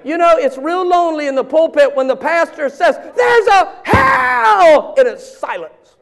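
A man, preaching a sermon with shouted bursts and joking asides. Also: extremely high pitch, moderate pace, some chatter behind. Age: 50s.

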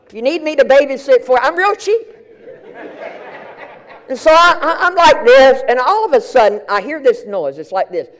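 A middle-aged male pastor telling a story in a sermon, animated and colloquial, often repeating and restarting his words. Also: extremely high pitch, a little fast, few pauses, a faint crowd.

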